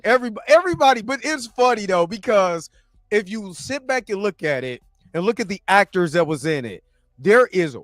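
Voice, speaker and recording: A man with a high voice chats casually on a podcast, laughing often and talking in lively slang. The sound is dry and close to the mic. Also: moderate pace, dry recording. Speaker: podcast co-host. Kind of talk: casual chat.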